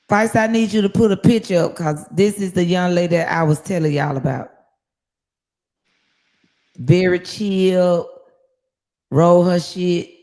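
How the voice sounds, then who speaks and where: A woman hosting a casual livestream from her phone, telling stories in a lively, profane way. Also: lowish voice. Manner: lively, profane storytelling with laughs. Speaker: livestream host.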